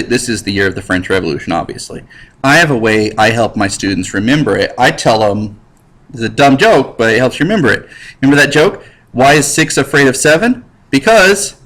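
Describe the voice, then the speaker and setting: A man teaching history over slides in a jokey, animated way, talking straight to his students. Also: medium pitch.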